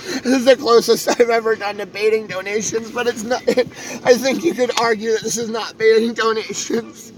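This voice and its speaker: A man's voice: sits high, steady tone, moderate pace, poor audio. A young man streaming live, talking casually in a rambling, earnest way and pleading with his viewers.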